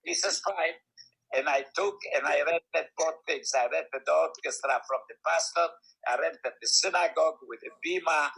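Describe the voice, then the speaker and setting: A man in his nineties telling a story in casual talk, with broken English grammar and lively acted-out voices, heard over a video call. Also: on the high side, moderate pace, vocal fry, breathy edge, rough recording. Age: 90s. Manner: animated, acts out quoted voices; non-native English grammar. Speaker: guest storyteller.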